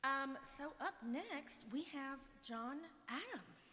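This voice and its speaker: A woman, casually emceeing a memorial concert in a friendly, relaxed way. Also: high voice, takes it slowly, slight background noise. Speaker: event host. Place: church hall used as a concert venue. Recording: live in a reverberant hall with crowd.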